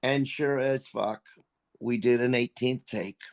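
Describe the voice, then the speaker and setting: A man's voice: mid-range voice, measured pace. Profane older male voice actor telling stories. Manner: profane, animated, acts out quotes. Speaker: guest, voice actor. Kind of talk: casual storytelling.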